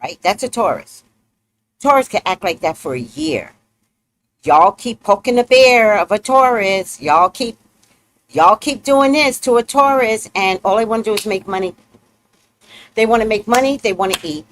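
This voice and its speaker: An outspoken woman hosts a casual livestream chat, blunt and matter-of-fact in what she says. Her pitch swings widely as she tells her stories, and laughter often slips in. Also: normal speed. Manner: animated storytelling with laughs. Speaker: host.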